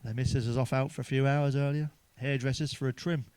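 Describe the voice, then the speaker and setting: Crude, swearing comedian, dry close sound. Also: male voice, medium pitch, steady tone, fast, a little mellow, clear, resonant tone, dry recording. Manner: crude, swearing, laughs at own jokes. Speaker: stand-up comedian. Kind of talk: stand-up jokes told to camera.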